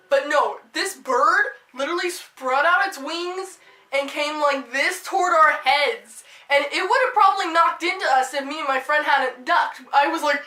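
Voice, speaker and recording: A woman telling funny personal stories in an animated storytime vlog, excitable and given to bursts of loud yelling. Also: high voice, normal speed. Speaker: storytime vlogger. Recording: echoey room.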